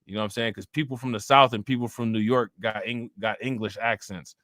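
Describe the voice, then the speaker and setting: Man, live-stream host, mid pitch, loose profane chatter, frequent laughs, dry sound. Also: fairly even intonation, fast talker, pushed and bright, dry recording. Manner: loose and profane, laughs often, repeats himself. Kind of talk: casual live-stream commentary.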